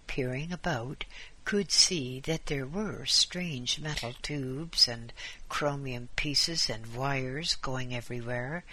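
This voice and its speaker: A man narrating a story in a measured, descriptive way. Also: mid-range voice, sharp tone, slightly rough.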